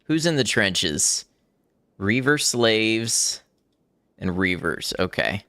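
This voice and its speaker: Low-voiced man narrating his gameplay. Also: sing-song, slow, bright, forceful tone, no echo. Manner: thinking aloud, chuckling often. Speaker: gaming streamer. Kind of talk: casual let's-play commentary.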